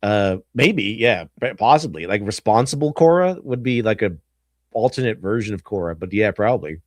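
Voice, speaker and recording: A man hosting a live stream who rambles through his commentary, restarting sentences and laughing along the way. His delivery is animated and casual. The recording is dry and close. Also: on the low side, moderate pace, dry recording. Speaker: stream host.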